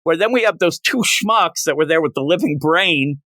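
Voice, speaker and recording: Animated, jokey man reviewing comics. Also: normal speed, dry recording. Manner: animated, jokey, acts out quotes with big pitch jumps. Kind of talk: casual review chat.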